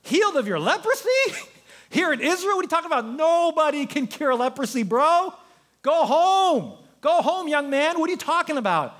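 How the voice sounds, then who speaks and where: A man's voice: very high voice, big pitch swings, normal speed, a bit bright, pitched above the performer's own voice, exaggerated voice. A man acting out a hot-tempered ancient king who rants in angry disbelief. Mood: mocking. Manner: ranting, incredulous, exasperated. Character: furious ancient king, male, middle-aged, hot-tempered.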